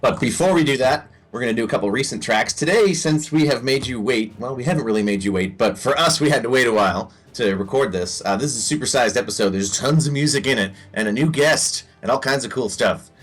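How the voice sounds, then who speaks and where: A man's voice: mid-range voice, expressive, quick pace, few pauses, soft background music. A man hosting a casual podcast chat, rambling and joking with playful self-deprecation. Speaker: podcast host.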